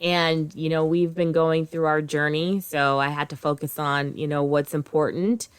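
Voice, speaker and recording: A woman in her thirties co-hosting a podcast in casual chat, expressive and swearing freely, swinging between loud and quiet. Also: deep voice, normal speed, clean tone. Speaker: podcast co-host.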